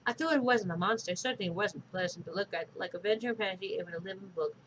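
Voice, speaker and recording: Casual woman storybook reader, chatty, mid-pitched, faint background hiss. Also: very fast, a bit bright, low-quality recording. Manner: chatty, unpolished reading. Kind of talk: casual read-aloud with asides to viewers.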